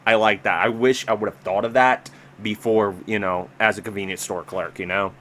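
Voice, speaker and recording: A man's voice: fairly low pitch, fairly even intonation, moderate pace, few pauses, fairly bright tone. A man co-hosting a casual reaction chat, rambling and chatty as he reads stories aloud and comments.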